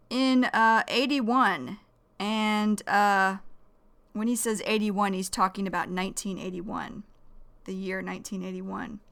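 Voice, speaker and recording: Slow, careful woman teaching English. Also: medium pitch, creaky, a bit bright. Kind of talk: vocabulary lesson.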